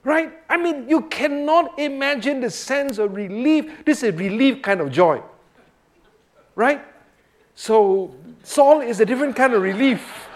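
Animated high-voiced male Bible teacher. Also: a little slow. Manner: animated, often checks in with "Right?". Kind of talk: expository sermon.

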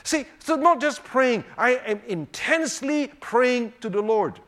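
A man teaching a sermon on the Psalms, swinging between emphatic rhetorical questions and hushed, quiet moments. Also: very high-pitched, expressive, a little slow. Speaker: preacher.

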